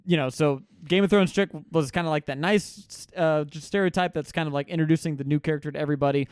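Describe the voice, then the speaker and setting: Man, fairly high voice, blunt and profane, casual movie talk, dry close sound. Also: fast, smooth, no echo. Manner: blunt, profane, laughs often. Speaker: podcast co-host. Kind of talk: casual movie review chat.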